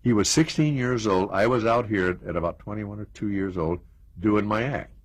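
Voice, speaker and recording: A man's voice: on the low side, moderate pace, breathy edge, dry recording. An older American man reminiscing in an interview, telling stories with chuckles and asides. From United States. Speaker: interview guest.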